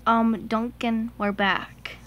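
A woman's voice: fairly high pitch, flat delivery, slow pace, lo-fi sound, pitched below the performer's own voice. A woman voicing a cheerful, eager male engine in a homemade toy play, chatty and bossy with his friend.

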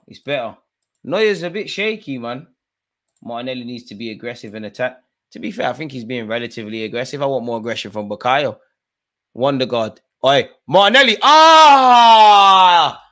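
A man in mid-range pitch commentates live on a football match as a fan host. He flips between loud outbursts at the players and the referee and low, muttered remarks. His delivery is casual and unscripted. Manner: excitable, shouts encouragement and complaints at players and referee.

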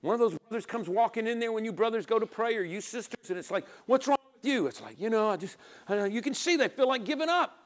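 High-voiced preacher swinging loud to hushed. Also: male voice, lively intonation, fast, few pauses. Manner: swings from loud urging to quiet near-whispers; acts out little dialogues with God and people. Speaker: pastor. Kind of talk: sermon.

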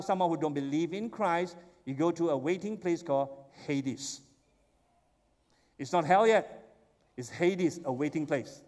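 A man preaching a sermon, telling the story with animated, excited exclamations. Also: a little high. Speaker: pastor. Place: church sanctuary. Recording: long church hall reverb.

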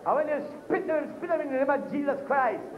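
High-voiced fervent preacher. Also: male voice, fast talker, noisy background. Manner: fervent, punctuated with frequent amens. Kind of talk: sermon. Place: church. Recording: echoey, tinny phone-like room recording.

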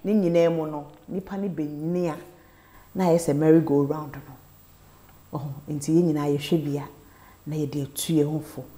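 Female talk-show host, low-pitched, lively, roomy sound. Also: moderate pace. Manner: lively, punchy delivery of sponsor lists. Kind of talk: talk show hosting with sponsor reads.

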